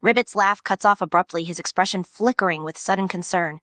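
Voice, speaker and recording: A woman's voice: on the low side, brisk, fairly bright tone, no echo. Woman reading a fan story. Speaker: narrator.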